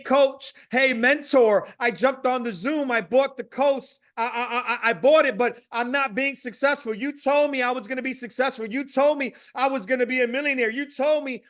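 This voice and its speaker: A man's voice: very high voice, fairly bright tone. A man voicing a frustrated would-be entrepreneur who whines and accuses his coach of broken promises. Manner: whiny, accusing.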